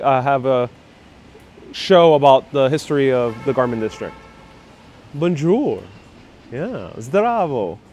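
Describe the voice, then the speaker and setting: A chatty man with a fairly high pitch live-streams himself walking through the city, staying upbeat and laughing often. Outdoors on busy streets, he reads viewer comments in casual chat, captured by a wireless clip-on mic with a phone on a gimbal.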